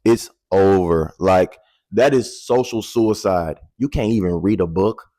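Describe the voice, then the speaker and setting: A man in his twenties telling a personal story to the camera in an animated, candid way, talking straight to viewers and swearing casually. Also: on the low side, no echo.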